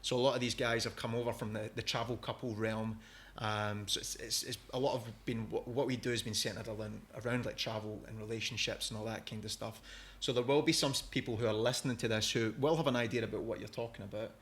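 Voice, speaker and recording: A man's voice: on the low side, fairly even intonation, quick pace, a bit bright. A man with a Scottish accent hosting a podcast, chatting casually and rambling a little as he sets up his questions. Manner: chatty, rambling, laughs easily. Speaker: podcast host. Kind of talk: casual interview chat.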